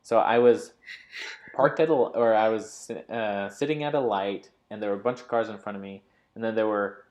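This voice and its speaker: Man, co-host, halting storyteller with a lowish voice. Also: darkish tone. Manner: hesitant, many fillers and restarts. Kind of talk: casual storytelling chat.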